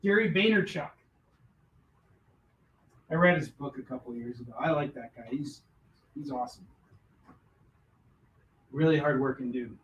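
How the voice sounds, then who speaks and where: A man hosts a casual live sales stream in a somewhat high voice. He keeps it loose and joking, swears freely and often restarts his sentences as he calls out prices. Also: sing-song, measured pace, pauses often, dull audio, slight background noise. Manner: loose, joking, swears, stumbles over words. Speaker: host selling comics live.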